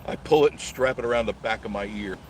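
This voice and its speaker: A man's voice: on the low side, fast talker, a little mellow. A man hosting a casual live stream from inside his car, rambling, joking and answering viewer comments, recorded on a phone on a gimbal. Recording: clear traffic noise behind the voice.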